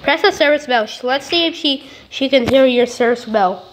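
A young girl with a high, bright voice chatters playfully through a game, repeating herself and goofing around. A clear hiss of background noise runs under the recording. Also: moderate pace. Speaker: gamer. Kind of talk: playful gameplay commentary. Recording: noisy home recording.

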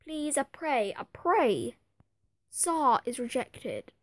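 A woman's voice: high voice, sing-song, takes it slowly, dry recording. Exasperated woman muttering over gameplay. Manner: exasperated running commentary, muttering to self. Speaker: gaming video creator. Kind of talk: gameplay commentary.

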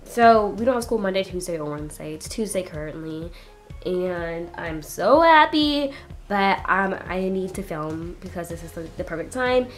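A woman's voice: on the low side, lively intonation, normal speed, soft background music. A teenage girl chatting casually in a vlog, rambling with lots of fillers, filmed on a small handheld camera. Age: teens. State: crying. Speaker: vlogger. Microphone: handheld compact camera.

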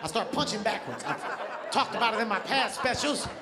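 High-voiced man doing animated stand-up. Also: moderate pace, a crowd in the background, noisy background. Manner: animated, acts out voices and shouts. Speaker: stand-up comedian. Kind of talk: stand-up comedy storytelling. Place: large theater stage with audience.

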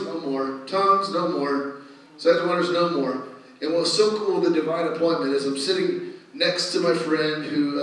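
Middle-aged male pastor, animated storytelling sermon, slightly high voice, distant mic in a very echoey sanctuary. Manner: animated storytelling, rising to loud exclamations. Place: church sanctuary.

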